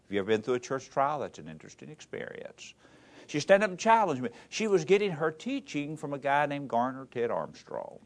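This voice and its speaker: Animated preacher-teacher man. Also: a little high, fairly quick. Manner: animated storyteller with a drawl. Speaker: pastor teaching ministry students. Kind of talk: lecture with folksy anecdotes.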